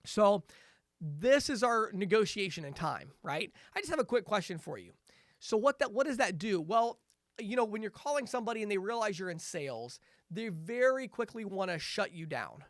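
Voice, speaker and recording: High-voiced upbeat male sales trainer. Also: moderate pace, dry recording, studio quality. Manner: energetic, coaching, acts out upbeat sales greetings.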